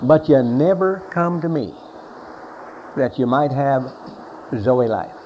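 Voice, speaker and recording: A middle-aged man preaching a sermon emphatically, repeating phrases and swinging between loud and quiet. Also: mid-range voice, lively intonation, slow pace. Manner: emphatic, repeats phrases, rises and drops in volume. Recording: dull lo-fi recording with faint hiss.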